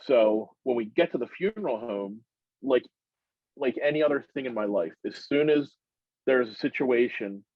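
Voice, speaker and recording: Man, middle-aged, casual storyteller, rambling, gets animated, muffled sound, dry. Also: normal speed, no echo. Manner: rambling, animated storyteller who climbs high when excited. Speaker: podcast guest.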